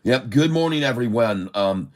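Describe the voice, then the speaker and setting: A man's voice: mid-range voice, animated, normal speed, darkish tone. A man chatting to viewers on a live stream, calling out stock prices in runs and calling them folks. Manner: reads out price numbers in runs. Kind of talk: live-stream trading commentary.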